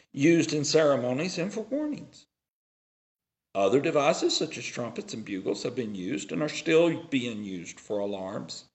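A man preaching a sermon, reading scripture aloud and explaining it with deliberate pauses. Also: on the high side. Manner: slow, deliberate preaching with dramatic pauses and swings in loudness; reads scripture aloud in a raised, declaiming voice.

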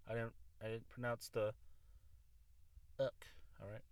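A man's voice: medium pitch, little pitch movement, measured pace, pauses often, no room sound. A young man hosting a solo podcast, rambling and self-mocking, swearing often into a close mic. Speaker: podcast host.

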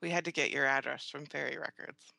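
A woman's voice: low-pitched, fairly even intonation, fairly quick, creaky, pushed and bright, no room sound. A woman narrating a first-person audiobook in an acerbic, scornful, theatrical manner.

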